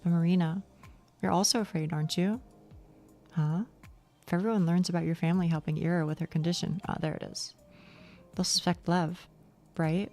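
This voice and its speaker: An earnest young heroine from a visual novel, soft-spoken and pleading, with a low voice that has a gravelly edge, as a woman streamer reads her part. Faint music runs in the background. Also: fairly even intonation, normal speed, long pauses, natural voice. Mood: probing.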